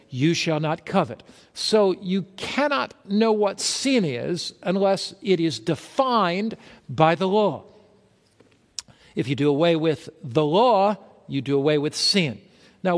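A man's voice: a little high, long reverb tail. A man preaching a sermon, emphatic, asking his listeners questions and answering them himself. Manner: emphatic, asks the crowd questions then answers.

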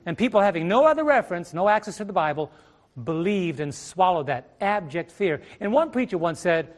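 A man's voice: sits high, big pitch swings, brisk. A middle-aged male preacher teaching a Bible study sermon on a ministry stage, asking rhetorical questions and repeating his phrases.

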